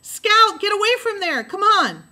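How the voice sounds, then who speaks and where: A bossy, excitable young boy, as a woman reader puts him on, pitched above her narrating voice and sharp in tone. He talks with earnest command and readily climbs into yelling. Audiobook character voicing. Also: normal speed. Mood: frantic yelling. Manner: earnest, commanding, raises to shouts.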